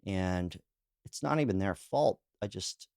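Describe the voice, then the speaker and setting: An adult podcast host who calls himself too old speaks in a low, creaky, darkish voice that's animated yet unhurried. Alone on the mic, he reacts to read-out comments loosely and candidly, rambling with plenty of "you know" and "like" and laughing through anecdotes. The studio-quality sound has no room sound.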